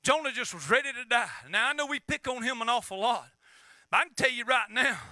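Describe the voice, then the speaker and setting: A man preaching a fiery revival sermon, punctuating lines with amens and rising to shouts. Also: very high voice, brisk, no echo. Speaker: pastor.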